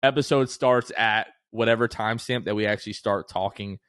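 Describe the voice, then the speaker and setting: A man in his late twenties co-hosts a casual podcast chat, with a lowish voice and brisk pace, recorded at studio quality with no echo. He's an animated storyteller who acts out what other people said.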